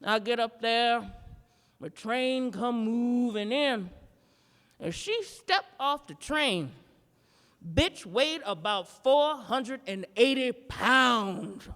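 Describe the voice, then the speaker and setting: In an art museum performance space, a woman reenacts a stand-up routine, telling a profane story full of drawling, rhythmic asides. Her fairly high, fairly bright voice is expressive and unhurried, and a long reverb tail follows her words.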